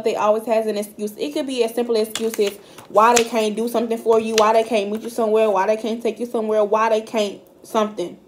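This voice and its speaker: A woman with a slightly high voice, recorded on a camera mic with a faint hiss or hum, does a casual tarot reading straight to camera. The tarot card reader is blunt and profane and speaks directly to her viewers.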